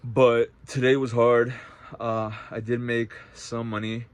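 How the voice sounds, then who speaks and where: A young man telling a story in a casual vlog, swearing a lot and swinging between loud outbursts and quiet, reflective talk. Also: medium pitch, level tone, slow, clean tone, no echo. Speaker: vlogger.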